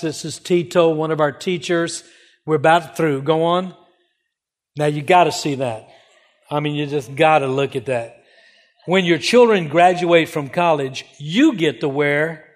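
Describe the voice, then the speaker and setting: Older male missionary, fairly high pitch, earnest heartfelt storyteller narrating slides to supporters. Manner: earnest, emotional storytelling with repeated phrases.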